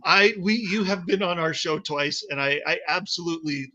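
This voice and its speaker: Bright, halting male co-host. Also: on the high side. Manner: halting, apologetic, many restarts. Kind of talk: live stream panel chat. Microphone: video call.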